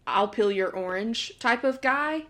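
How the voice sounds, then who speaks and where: This young woman sits at a slightly higher pitch than most women and co-hosts a chatty podcast. She talks in an animated way, laughs often and slips into little voices when she retells conversations. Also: a little slow. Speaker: podcast co-host. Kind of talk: casual chat.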